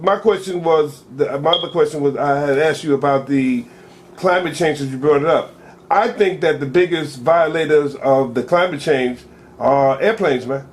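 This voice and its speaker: A man's voice: fairly high pitch, slight background noise. A man co-hosting a casual talk show, telling rambling stories full of slang. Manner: animated, storytelling, rambling with slang. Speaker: co-host.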